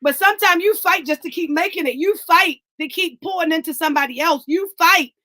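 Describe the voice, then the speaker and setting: A woman's voice: very high-pitched, brisk, pushed and bright, rough recording. A woman hosting a live online talk, calling out viewers by name and speaking with exuberant, preacher-like fervor. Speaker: host. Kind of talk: livestream talk, giveaway.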